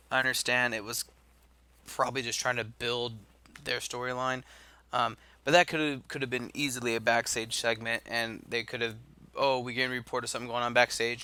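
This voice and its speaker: A man's voice: mid-range voice, pushed and bright. A man co-hosting a wrestling podcast, giving opinions with a dry, teasing manner. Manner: dry, teasing, short reactions. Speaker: podcast co-host. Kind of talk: casual wrestling recap chat.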